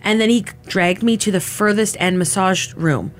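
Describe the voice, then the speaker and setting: A woman in her thirties giving a candid personal account in halting, casual speech full of "like" fillers and restarts. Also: mid-range voice, faint music behind. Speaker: interviewee recounting her experience.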